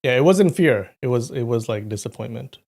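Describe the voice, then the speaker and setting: A young man hosting a live stream, casually chatting with viewers in a rambling storytelling way and often clearing his throat, at a desk mic at home. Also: medium pitch, lively intonation, fairly quick, a little mellow. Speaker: livestream host.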